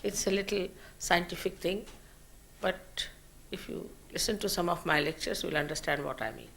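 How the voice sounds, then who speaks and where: A woman delivers a spiritual lecture in a measured, unhurried way. Her voice has a gravelly, creaky texture. Her phrases often trail off softly at the end. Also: on the low side, slight background noise. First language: Marathi. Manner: slow, measured teaching with soft trailing phrase ends. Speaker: spiritual teacher. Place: lecture hall at a public program.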